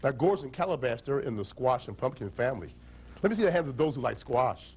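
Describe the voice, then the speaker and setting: Speaking quickly in a husky, mid-range voice, a storyteller and musician at a library event teaches kids about instruments and storytellers. He's lively and draws the audience into call-and-response chants, though the recording quality is low.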